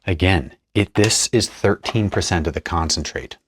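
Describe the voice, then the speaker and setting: A man's voice: deep voice, normal speed, slight background noise. A man explaining perfume materials as he mixes them, chatting casually and thinking aloud while he works. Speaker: perfumer demonstrating a blend. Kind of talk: casual hands-on tutorial narration.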